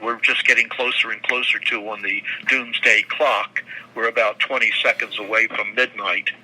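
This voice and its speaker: An older man talks in long, rambling answers, stumbling over repeated words and restarting his sentences. His voice has a very bright, forward edge. It sounds like an unscripted interview. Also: on the low side, steady tone, normal speed, husky, poor audio. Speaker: guest.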